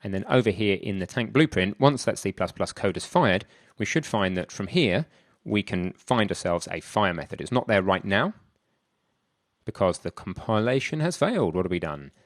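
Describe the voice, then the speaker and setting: Dry, low-voiced man teaching game coding. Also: expressive, normal speed, no echo. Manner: chatty, thinks aloud while working. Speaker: programming instructor. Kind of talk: screen-recorded coding tutorial.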